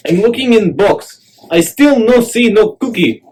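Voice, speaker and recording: A woman's voice: on the high side, lively intonation, measured pace, darkish tone, breathy edge, low-quality recording. A woman voicing a small, playful male puppet who jokes around and speaks broken English. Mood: cheeky. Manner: broken English, jokey, food-obsessed.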